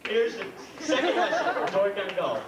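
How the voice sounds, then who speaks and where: A man's voice: high voice, huge pitch swings, moderate pace, a loud crowd. Young man telling jokes onstage, heard far off. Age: late teens. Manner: acts out voices in his joke. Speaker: emcee of a school variety show. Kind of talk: stage comedy banter and joke telling. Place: school auditorium stage. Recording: echoey hall from far off, noisy.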